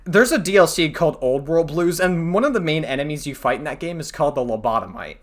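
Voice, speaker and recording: A man's voice: a little high, lively intonation, quick pace. A man doing casual commentary on online drama, rambling and profane, laughing at his own jokes.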